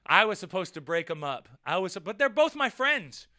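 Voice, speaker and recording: Bright high-voiced man telling a story. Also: big pitch swings, normal speed. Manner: rambling, repetitive and profane. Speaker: vlog host. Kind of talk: casual personal storytelling.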